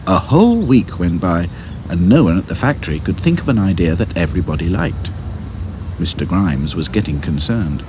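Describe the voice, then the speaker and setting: A man narrating a children's storybook in a lively, sing-song way. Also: sits low, moderate pace, noisy background. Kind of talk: storybook reading.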